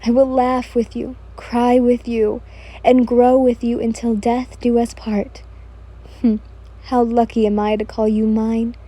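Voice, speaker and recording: A woman voicing an ardent young male demon slayer who speaks in loud, earnest declarations of love. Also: on the high side, level tone, measured pace. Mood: tender.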